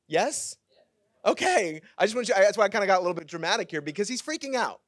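A male pastor preaching a sermon, retelling a scripture story with animated, casual asides. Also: high voice, brisk, long pauses, no echo, clean studio sound.

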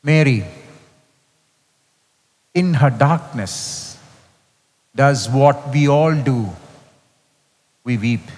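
A man with an Indian English accent, reading scripture and preaching a sermon in a slow, deliberate way with wide swings in pitch. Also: a little mellow, long reverb tail. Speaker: preacher and Bible teacher.

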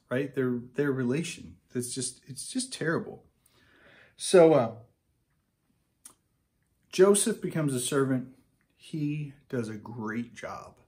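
A man preaching a casual, conversational sermon, reading scripture aloud and breaking into animated asides. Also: medium pitch.

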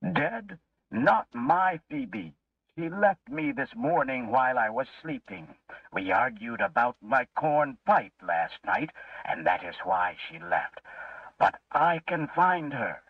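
A man's voice: medium pitch, lively intonation, slow, husky, no echo. A man voicing a lonely, confused old man who insists his late wife is still alive, heard on a muffled recording from a distance. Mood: pleading insistent.

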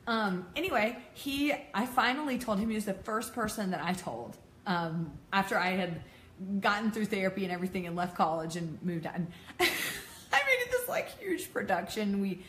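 A woman's voice: mid-range voice, sing-song, normal speed, fairly bright tone, a little hiss or hum. A woman in her thirties giving a candid personal talk to an audience, laughing often and making self-deprecating asides. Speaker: peer support speaker. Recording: echoey room.

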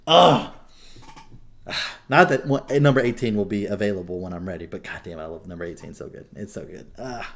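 Young man, podcast host, casual chat, animated storyteller, fairly low voice. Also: a little fast, vocal fry. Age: young adult. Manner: animated storyteller, swears freely.

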